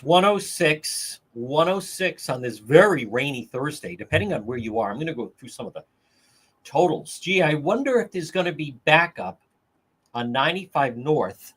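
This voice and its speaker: Husky, lively talk radio man. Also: a little high. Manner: rambling, repeats phrases for emphasis. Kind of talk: live talk radio livestream.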